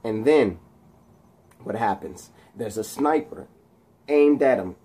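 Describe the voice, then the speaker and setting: Man narrates a movie scene off the cuff, excitable, throws in sound effects, lots of fillers. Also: medium pitch, slow. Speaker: channel host. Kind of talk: casual movie scene recap.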